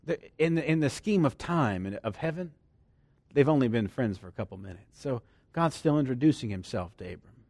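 A man preaching a sermon, his pitch leaping up and down in lively swings. He moves from loud emphasis to hushed near-whispers and laughs often between points. The sound is dry and close. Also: a little fast, no echo.

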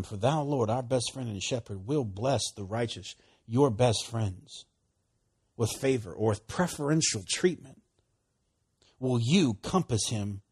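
Husky, folksy, animated male preacher. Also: medium pitch. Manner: folksy, animated storytelling with laughs and emphatic repeats. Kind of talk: casual sermon.

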